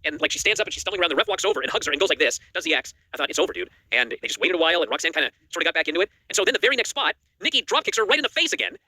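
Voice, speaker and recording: Guy rattling off a wrestling recap super fast, bright sharp voice, dry close sound. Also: on the high side, no room sound. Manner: rapid animated recap, acts out quotes. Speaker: wrestling news co-host. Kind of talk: casual recap chat.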